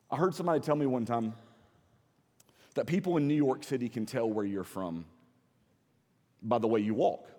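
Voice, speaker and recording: Southern pastor preaching in a reverberant hall. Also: male voice, lively intonation, moderate pace, long pauses. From South Carolina. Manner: preaching with swings from soft low to loud emphatic. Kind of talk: sermon. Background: audience laughter.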